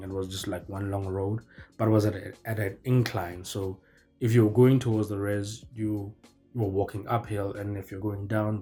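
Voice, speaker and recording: A young man with a lowish, mellow voice tells a casual story that rambles along, packed with fillers, restarts, and self-corrections.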